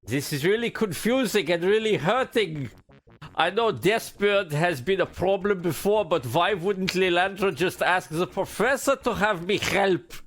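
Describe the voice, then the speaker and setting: Excitable high-voiced male gamer. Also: a little slow. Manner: excitable, joking, swears freely, puts on character voices. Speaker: gaming streamer. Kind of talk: casual gameplay commentary. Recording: faint game music behind.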